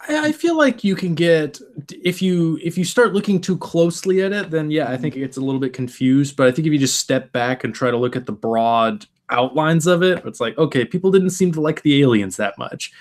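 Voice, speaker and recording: A young man hosting a casual film podcast, thinking out loud in long stretches and acting out imagined quotes. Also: on the high side, animated, a little fast. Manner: thoughtful, talks in long stretches, acts out quotes. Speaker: podcast host.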